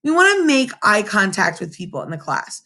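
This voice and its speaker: A young woman teaching a remote class from home through her computer's webcam, in a lively manner, often checking in with her students with "right?". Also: mid-range voice, fairly quick. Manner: animated, addresses students directly with frequent "right?". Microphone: computer webcam mic.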